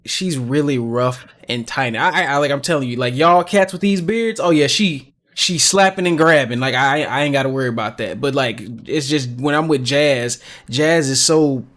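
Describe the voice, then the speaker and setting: A man co-hosting a podcast, telling stories in a slangy, animated way. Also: medium pitch, normal speed, hardly any pauses. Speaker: podcast co-host. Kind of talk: casual chat.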